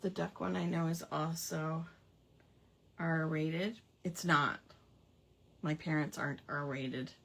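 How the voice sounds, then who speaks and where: A woman's voice: low-pitched, fairly even intonation, takes it slowly, vocal fry, pauses often. A woman hosting a casual craft hangout, chatty and playful, savoring quirky old words with giggles. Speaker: craft livestream host.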